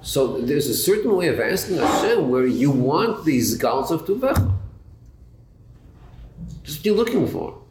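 A man's voice: fairly high pitch, big pitch swings, a little slow, long pauses, a little mellow. A man teaching a Chassidus class, asking rhetorical questions and repeating words as he thinks it through. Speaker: Torah teacher. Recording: echoey room with faint noise.

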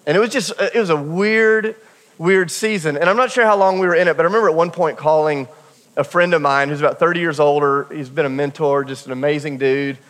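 A man's voice: fairly high pitch, brisk, fairly bright tone, long reverb tail. A man preaching a sermon as a pastor, telling a personal story in a candid, humorous way. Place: church sanctuary.

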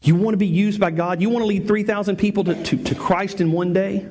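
A man's voice: sits high, steady tone, fairly quick, few pauses, darkish tone. A male pastor preaching a sermon, emphatic, repeating key phrases and restarting sentences.

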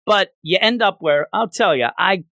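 A man co-hosting a casual manga chat, talking in animated, rambling runs full of restarts and fillers. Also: sits high, normal speed, dry recording, clean studio sound. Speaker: podcast co-host.

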